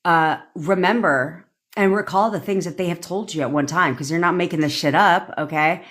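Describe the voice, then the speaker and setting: A woman's voice: lowish voice, normal speed, a bit bright. A woman manifestation coach talking casually on a phone livestream, chatty and cursing often as she answers viewers. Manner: chatty, frequent profanity, addresses viewers by name.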